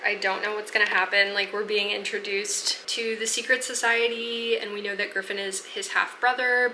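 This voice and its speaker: A woman's voice: medium pitch, sharp tone, echoey room, a little hiss or hum, poor audio. A woman chatting casually in a reading vlog, gushing about a book she is reading and filling her talk with likes and ums. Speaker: book vlogger. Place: apartment at home.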